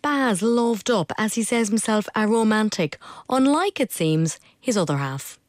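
A woman's voice: mid-range voice, animated, measured pace, no echo. Woman presenting radio links, dry close sound.

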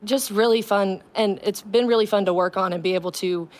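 A woman's voice: medium pitch, fairly even intonation, brisk, darkish tone. Bubbly young woman, radio guest. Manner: bubbly and earnest, laughs often. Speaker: student actress.

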